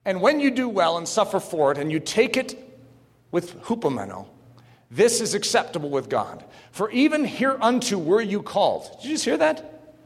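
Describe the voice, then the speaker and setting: Male preacher, high voice, fervent sermon delivery with shouted peaks, big hall reverb. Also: big pitch swings, normal speed, breathy edge. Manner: reads quotes aloud, adds asides.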